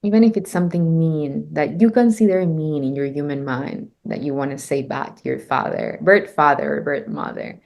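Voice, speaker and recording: A woman's voice: deep voice, fairly even intonation, normal speed, gravelly, hardly any pauses, highs cut off. A woman coaching a client through an emotional session, encouraging her, laughing often and swearing casually.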